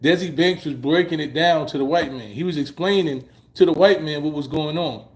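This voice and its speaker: A man giving casual opinion commentary in a vlog, talking emphatically, repeating himself and cursing freely. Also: brisk. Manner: emphatic, repetitive and profane, drifting high when he presses a point. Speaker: vlogger reacting to a halftime show.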